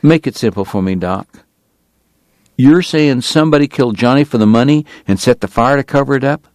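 A man's voice: mid-range voice, brisk, darkish tone, no room sound, voice pushed up, close to an everyday voice. A man voicing a tired, plain-spoken frontier lawman who talks bluntly and briefly. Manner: blunt and short, wary.

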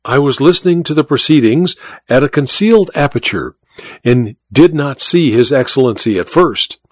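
A cunning court spymaster, read by a man, reporting with measured, obsequious deference. The voice moves lively through the sentences, set in a close, dry recording. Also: medium pitch, no echo, close to an everyday voice. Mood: deferential. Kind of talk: audiobook reading.

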